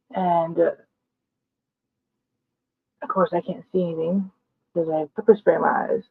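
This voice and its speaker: A woman vlogger with a lowish, creaky, slightly rough voice tells a story bluntly and emphatically, cursing often. She speaks at a moderate pace with a flat delivery and frequent pauses. The recording is dry and tinny, like a phone.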